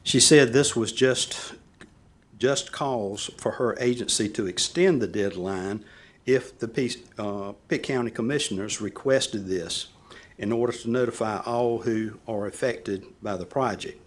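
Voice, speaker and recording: A man with a scratchy voice giving a public comment to a county board at a podium microphone. He reads measured, prepared remarks and clears his throat now and then. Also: on the low side. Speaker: resident addressing county board. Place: county meeting chamber.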